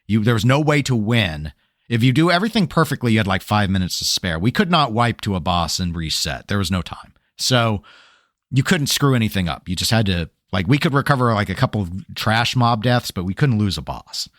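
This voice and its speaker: A man with a lowish voice co-hosts a casual gaming podcast, talking briskly as he spins a long tangent. He's an animated storyteller who acts out exasperated quotes, and the recording is clean studio sound with no echo.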